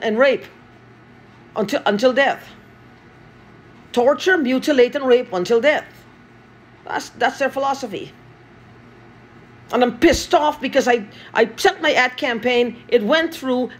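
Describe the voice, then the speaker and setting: A woman's voice: high voice, breathy edge. A woman from Guyana, talking in an angry, profane monologue and repeating herself.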